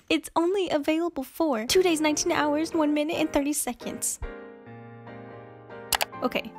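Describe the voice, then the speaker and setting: A young woman vlogger doing a casual merch plug straight to camera, giggly and poking fun at herself. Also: high-pitched. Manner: giggly, self-deprecating, talks fast.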